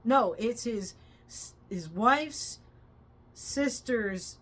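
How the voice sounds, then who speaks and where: A woman co-hosting a movie review channel, retelling scenes with loud excited quotes. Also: a little high, very slow, husky. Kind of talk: casual movie review chat.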